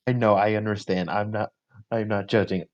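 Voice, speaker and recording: A man's voice: lowish voice, fairly even intonation, normal speed, muffled recording. A man playing a tabletop game, speaking plainly and teasing his friends. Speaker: player. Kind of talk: casual tabletop play.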